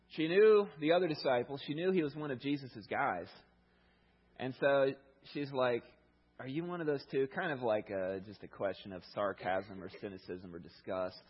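Husky man preaching conversationally. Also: medium pitch, lo-fi sound. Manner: conversational, animated storytelling. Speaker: pastor. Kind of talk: sermon.

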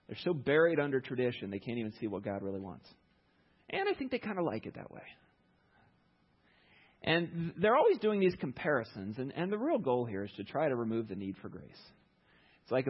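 A man's voice: mid-range voice, breathy edge. A man preaching a sermon in a conversational way, full of sarcastic asides and fillers, in a church hall. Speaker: pastor. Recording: echoey hall, dull lo-fi sound.

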